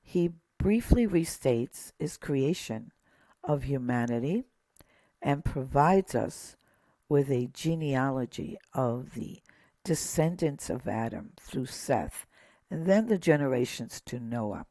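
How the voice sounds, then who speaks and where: A teacher giving a slow, methodical lesson, pointing things out one by one with patient pauses. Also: medium pitch, animated, warm tone, no echo. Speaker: Hebrew teacher.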